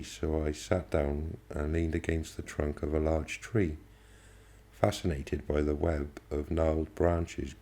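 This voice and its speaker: Man, audiobook reader, first-person novel, steady measured pace, very deep voice, dark mellow tone.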